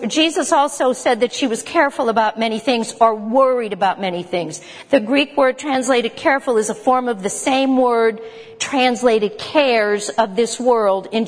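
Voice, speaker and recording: Woman teaching a Bible study in a reverberant hall. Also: a little high. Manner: conversational, with joking asides to the group.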